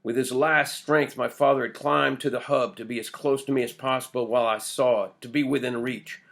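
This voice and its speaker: A man's voice: mid-range voice, fairly even intonation, brisk, gravelly, fairly bright tone. A man reading as an old villager telling a story. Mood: excited. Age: older. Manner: earnest storytelling, mostly in his own voice. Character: old male villager recalling his boyhood. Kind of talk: audiobook character voice.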